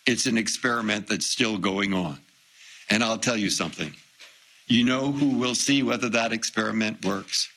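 A man's voice: on the low side, moderate pace, vocal fry, sharp tone, breathy edge, low-quality recording. An older man giving an earnest formal address, speaking directly to his listeners. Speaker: speaker at a public announcement.

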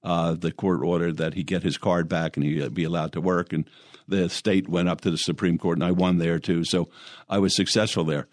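An older man, a guest in an interview, telling long anecdotes and pausing often on fillers and restarts. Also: low voice, flat delivery, no room sound, studio quality. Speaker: interview guest, former lawyer and mayor. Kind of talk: storytelling in conversation.

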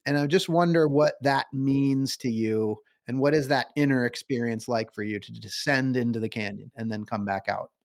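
A man's voice: mid-range voice, normal speed, hardly any pauses. A male podcast host interviewing his guests in an encouraging way, asking reflective questions. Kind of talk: conversational interviewing.

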